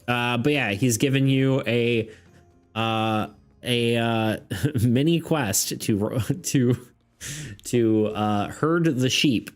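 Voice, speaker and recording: A man's voice: mid-range voice, extremely slow, long pauses, faint music behind. A man narrating as game master in a casual, hesitant way, full of ums and little laughs. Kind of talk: narrating a tabletop game on stream.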